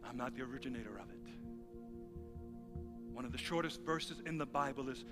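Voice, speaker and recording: A man preaching a sermon as pastor, dropping to quiet asides and then building to loud, shouted passages. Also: mid-range voice, brisk. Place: church sanctuary. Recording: music under a voice in a large reverberant hall.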